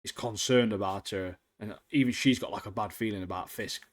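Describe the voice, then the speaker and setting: A young man co-hosting a podcast, talking fast and casually with lots of laughter and slang. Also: lowish voice. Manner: animated, laughing often, slangy and swearing. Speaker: podcast co-host. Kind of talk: casual chat reviewing TV shows.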